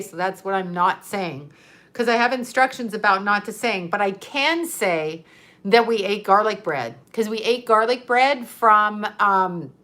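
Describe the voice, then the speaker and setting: A woman talks to her viewers in a loose, rambling live-stream chat. She giggles often and drifts from thought to thought. She speaks at a middling pitch for a woman. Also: a bit bright.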